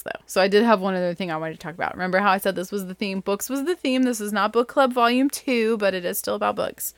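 A woman's voice: mid-range voice, smooth, no room sound. A woman telling a personal story in a casual, chatty monologue, full of "like" and "you know" and laughing at herself. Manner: chatty and animated, heavy on fillers like "like" and "you know"; self-deprecating, laughs at her own story.

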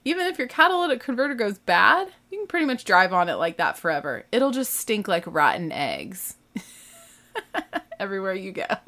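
A middle-aged woman casually telling a family road-trip story, acting out everyone's lines with lively, rising panic. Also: medium pitch. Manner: animated, acts out family dialogue with rising panic.

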